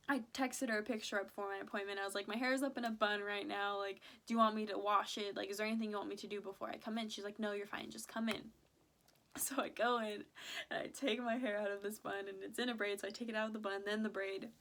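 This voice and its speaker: A young woman vlogger chatting through a story, full of "like" fillers and quoted back-and-forth. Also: mid-range voice. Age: young adult. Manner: chatty, animated retelling with many "like" fillers. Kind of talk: casual storytime vlog.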